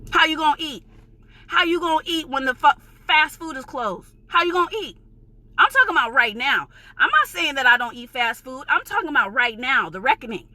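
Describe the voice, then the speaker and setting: A woman's voice: high-pitched, animated, fairly quick, sharp tone, dry recording. A woman from New York with a New York accent, ranting in a vlog, heated, emphatic and profane, insisting she is passionate, not angry. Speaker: vlogger.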